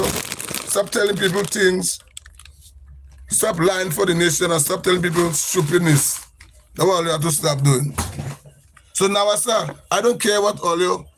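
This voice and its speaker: A man's voice: high-pitched, a bit bright, a little hiss or hum. A man with a Grenadian accent ranting on a live social media stream, emphatic and repetitive, sounding exasperated.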